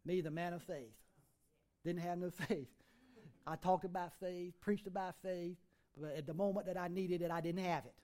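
A man's voice: high-pitched, steady tone, moderate pace, a little mellow. A middle-aged man preaching a sermon as pastor, folksy and conversational, with plenty of rhetorical questions.

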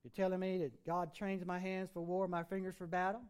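A male pastor with a high voice preaches in a church. He recites scripture and builds with rising emphasis, then drops low and quiet to make a point. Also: flat delivery, brisk, smooth. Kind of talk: sermon.

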